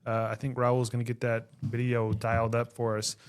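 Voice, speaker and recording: A man's voice: mid-range voice, completely flat delivery, normal speed, smooth. A Texan man co-hosting a podcast, introducing segments in easygoing casual chat. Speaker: podcast co-host.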